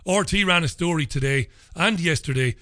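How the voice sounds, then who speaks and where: A man rants with indignation in an opinion monologue. His voice is forceful and bright, sitting a little high. The sound is dry and close. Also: a little fast, no room sound. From Ireland. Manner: indignant, ranting.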